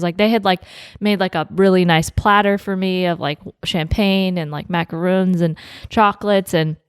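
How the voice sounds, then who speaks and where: A woman's voice: fairly low pitch, steady tone, moderate pace, smooth, no room sound, clean studio sound. A young woman co-hosting a podcast, telling a story in casual chat with lots of "like" fillers and laughs. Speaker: podcast co-host telling her wedding story.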